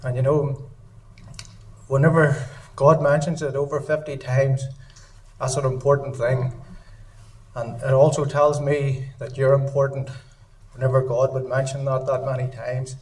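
A man's voice: mid-range voice, level tone, measured pace, a little mellow, distant mic, poor audio. A man giving an earnest, emotional sermon in a church service, often repeating his phrases. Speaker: lay preacher.

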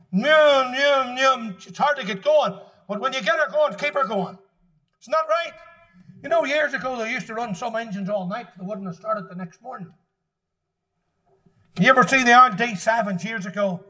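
Very high-voiced, fervent preacher man. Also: low-quality recording. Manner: fervent, emphatic preaching that rises to shouts. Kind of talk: sermon.

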